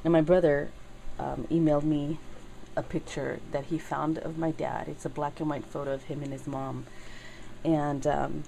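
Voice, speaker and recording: A middle-aged woman chatting casually in a craft video, halting with many fillers and getting teary as she talks. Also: deep voice, little pitch movement, creaky, mellow, a little hiss or hum, poor audio. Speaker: crafting channel host.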